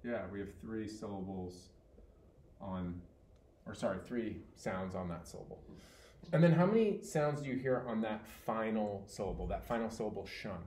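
A man's voice: lowish voice, moderate pace, slight background noise. Patient male tutor in a roomy space. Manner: patient, encouraging, steady praise. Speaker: teacher. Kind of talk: one-on-one reading tutoring. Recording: roomy with faint ambience.

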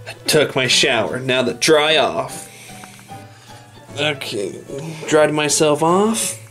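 Guy doing sonic as a smug lazy hedgehog, slow bright voice, bit of music behind. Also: mid-range voice, full character voice. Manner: slangy, boastful, dismissive. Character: Sonic, brash male cartoon hedgehog, cocky and lazy. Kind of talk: toy stop-motion fan skit voice.

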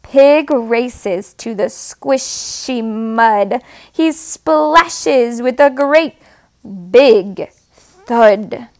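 High-voiced woman reading farm picture books to little kids, super slow and sing-song, does the animal noises. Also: animated, darkish tone. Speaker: storyteller.

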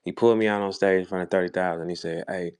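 A man's voice: low voice, steady tone, fast, clean tone. A man with a St. Louis accent, a battle rapper talking casually in a live audio room, boastful, profane and preachy. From St. Louis, USA.

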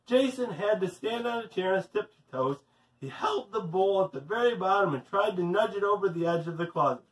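A male physical education teacher reading a children's story aloud with lively, animated delivery and a fairly high voice. He sounds distant from the mic in an echoey room. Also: a little fast.

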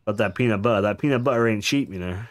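A man's voice: lowish voice, fast, slight background noise. A man casually commenting on his gameplay, chatty and jokey, swearing now and then and making asides to his viewers. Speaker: gaming streamer.

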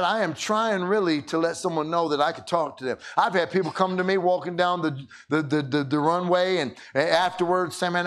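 High, animated man preaching a sermon. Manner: animated, repeats words when starting sentences. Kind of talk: sermon with storytelling.

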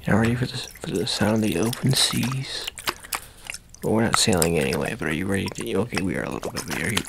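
A man in a whispered role-play as an ASMR host, playful and rambling, drifting between a soft voice and whispers. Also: lowish voice, fast, creaky, background noise.

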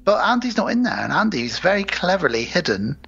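A man co-hosting a podcast, recapping a film in a casual, animated way with lots of swearing. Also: sits high, fast, gravelly, breathy edge. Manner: animated, swearing, acts out scenes. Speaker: podcast co-host. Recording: muffled home podcast audio.

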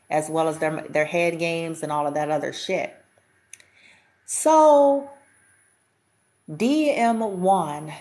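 A woman's voice: lowish voice, a little mellow. A woman giving a casual spiritual reading to her viewers, chatty and blunt, swearing freely and often repeating herself as she thinks aloud. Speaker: spiritual reader.

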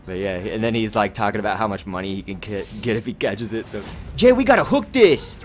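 A man's voice: fairly low pitch, fairly even intonation, fast. A man hosting casual gameplay commentary, telling stories animatedly and laughing often. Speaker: host. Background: game music.

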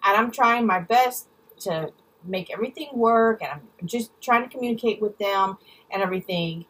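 Fired-up swearing woman, bright but husky. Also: mid-range voice, moderate pace, distant mic, poor audio. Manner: angry, blunt, swears freely, mimics people in quotes. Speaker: vlogger. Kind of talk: ranting storytime vlog.

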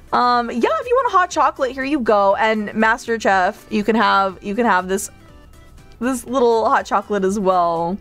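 A woman's voice: a little high, vocal fry, a bit bright. A woman hosting a playful cafe role-play stream, giggling often and talking sweetly to her viewers. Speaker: streamer host.

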